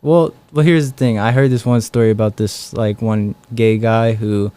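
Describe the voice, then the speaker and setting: Young man, evangelist guest, casual storytelling, rambling with fillers, low mellow voice. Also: steady tone, normal speed, clear, resonant tone. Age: young adult. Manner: rambling, many fillers and quoted dialogue.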